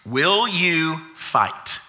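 A man's voice: a little high, sing-song, extremely slow, sharp tone, heavily acted. A man voicing a defiant Scottish rebel leader, with a put-on Scottish accent, giving a solemn, stirring battle speech to his troops during a sermon illustration. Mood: rousing.

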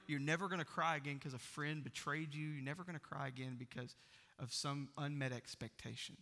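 Male pastor, fairly high voice, sermon with loud-to-hushed swings in a large church hall. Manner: swings from loud proclaiming to hushed near-whispers.

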